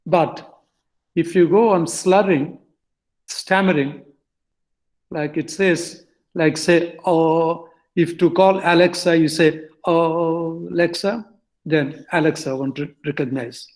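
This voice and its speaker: An older man with an Indian English accent speaks slowly in a lecture-style talk, his voice sitting fairly high for a man. He pauses often, fills gaps with "uh" and "um", and restarts and corrects his phrases as he goes. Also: steady tone, rough recording. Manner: halting, with many fillers and self-corrections. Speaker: guest speaker.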